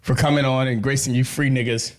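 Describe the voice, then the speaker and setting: A man's voice: medium pitch, steady tone, brisk. A man hosting a casual podcast, joking and profane, laughing often and winded from running back. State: winded, coughing. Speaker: podcast host.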